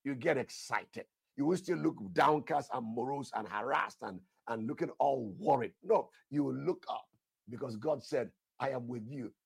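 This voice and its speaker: A man's voice: medium pitch, lively intonation, moderate pace, creaky, husky, no room sound, clean studio sound. A man preaching a sermon, emphatic, repeating his phrases and asking the listeners questions, with bursts of prayer in tongues.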